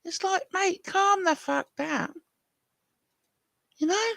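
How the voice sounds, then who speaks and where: A man voicing a squeaky, exasperated man who mockingly and repeatedly tells someone to calm down, swearing as he goes. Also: slow, gravelly, no echo, studio quality, heavily acted.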